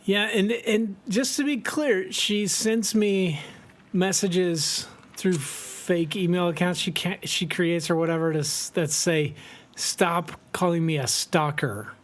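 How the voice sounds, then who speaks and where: A man from Colorado co-hosting a comedy podcast, telling dry, deadpan jokes. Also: sits high, slow. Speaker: podcast co-host. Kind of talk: casual comedic chat.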